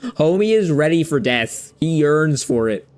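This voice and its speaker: While playing a game on stream, a young man rambles in casual chat, groping for words and slipping into loose slang. His voice is on the high side and sing-song, with a measured pace and a darkish tone.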